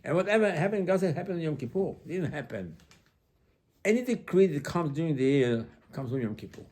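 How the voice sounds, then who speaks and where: A male rabbi preaching an animated sermon, firing rhetorical questions and acting out quoted lines. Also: on the high side, brisk.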